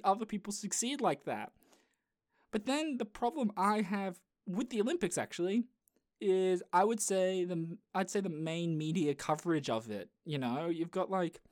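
A man's voice: on the high side, dry recording, studio quality. A man hosting a podcast in casual chat, rambling with lots of fillers. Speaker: podcast host.

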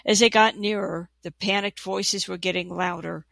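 A narrator reads a fantasy tale aloud at an even pace. The voice is heavily gravelly with a bright, forward edge. The sound is dry and close. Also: medium pitch, moderate pace, dry recording. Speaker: audiobook narrator. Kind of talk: storybook reading.

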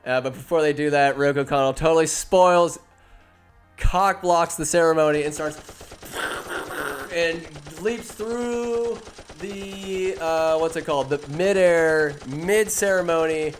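Animated man retelling a movie. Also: on the high side, soft background music. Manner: fast, animated retelling with quick voice impressions. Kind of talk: casual movie recap.

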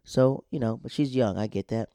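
A man's voice: mid-range voice, moderate pace, warm tone, dry recording, clean studio sound. A man casually recapping a TV episode in a slangy, laid-back storytelling way.

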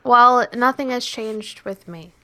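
Laid-back sleepy woman cohosting a podcast, bright clear voice, a bit high. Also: slow pace, no echo. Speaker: podcast co-host. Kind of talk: casual chat.

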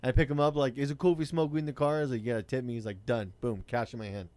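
A man's voice: medium pitch, fairly even intonation, racing, a little mellow, no echo. A man, telling a rideshare-driving story in blunt, profane casual chat.

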